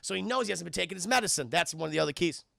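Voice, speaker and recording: A man excitedly recapping a film scene by scene on a live stream, swearing freely and constantly addressing his chat. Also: sits high, rapid-fire, gravelly, no echo, clean studio sound.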